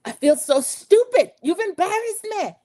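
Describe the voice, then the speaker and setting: A woman putting on the voice of a young woman who has just been betrayed, speaking high and indignant. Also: moderate pace, no room sound, natural voice. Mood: hurt.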